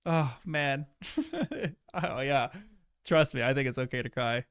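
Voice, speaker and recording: Young guy streaming a movie watch, gravelly voice, dry close sound, gets all emotional and chatty. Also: medium pitch, very animated, slow pace, no room sound. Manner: emotional, chatty, trails off into soft asides. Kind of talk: casual live commentary.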